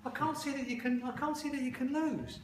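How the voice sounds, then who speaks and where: A man's voice: very high-pitched, fairly even intonation, a little fast. A man speaking bluntly and emphatically to a room of advertising students, swearing freely as he tells stories in an informal talk and Q&A. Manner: blunt, profane, emphatic storytelling. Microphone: phone recording from the audience. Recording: distant, echoey, noisy phone recording.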